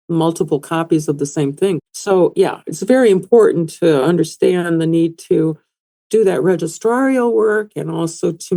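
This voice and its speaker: A woman's voice: on the low side, warm tone. A middle-aged woman, a museum executive director, talking at length in a podcast interview and telling anecdotes. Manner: conversational, explains at length with anecdotes.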